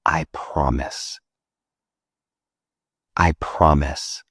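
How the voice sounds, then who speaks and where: A man speaking affirmations in a slow, soft, unvoiced whisper as whispered role-play. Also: a bass voice, fairly even intonation, breathy edge, dry recording, clean studio sound.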